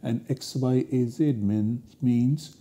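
A man giving a recorded university lecture, explaining grammar rules slowly and deliberately. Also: mid-range voice, warm tone.

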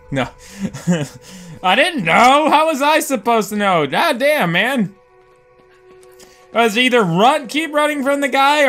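Excitable high-voiced young man gaming. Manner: excitable, exaggerated, squeals at cute things. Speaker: gaming YouTuber. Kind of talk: let's play commentary.

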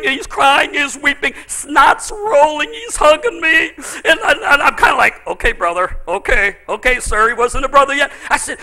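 A middle-aged man preaching a sermon in a high, strikingly bright voice. He tells his stories with a lot of up and down in his pitch, shouting out the big moments and sinking low and intense in between. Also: lively intonation, moderate pace, hardly any pauses. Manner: storytelling preacher, swings from loud exclaiming to low intensity. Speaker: pastor.

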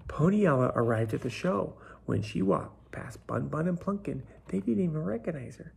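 A man reading a children's picture book aloud, unhurried, often dropping to a whisper. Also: a little high, animated, vocal fry, a little mellow, slight background noise. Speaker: storybook reader. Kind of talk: children's story read aloud.

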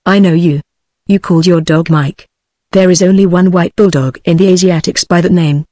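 A woman's voice: lowish voice, normal speed, no echo, natural voice. Vengeful referee in a British woman's synthetic voice. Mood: threatening. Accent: British English. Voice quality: synthetic, flat delivery. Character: vengeful male Norwegian referee, menacing.

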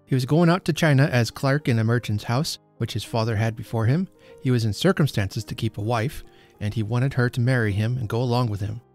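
A man hosting a podcast reads a classic story aloud in the first person, with expressive, deliberate storytelling. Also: medium pitch. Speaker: podcast host reading a story.

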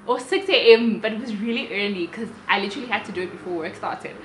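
A young South African woman vlogger with a South African accent, telling a personal story in a chatty, animated way. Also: mid-range voice, quick pace. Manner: animated, chatty, restarts sentences. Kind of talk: casual storytelling to camera. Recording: roomy room with faint ambient noise.

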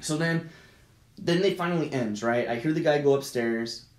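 Guy podcast host telling a story, animated, swears a lot, slightly high voice, echoey room. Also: normal speed. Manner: animated, quotes people a lot, heavy swearing. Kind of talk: casual storytelling chat.

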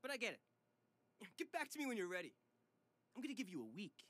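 A childish, pushy boyfriend. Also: male voice, sits high, wildly swooping pitch, fast talker, a bit bright, exaggerated voice. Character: petulant young man, pushy cheating boyfriend. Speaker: game character leaving a voice message.

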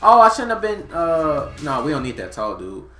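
Young man, gameplay commentary, excitable, animated pitch, loud game music. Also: moderate pace, echoey room. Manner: excitable, yelling at the game, frustrated outbursts. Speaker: gaming YouTuber.

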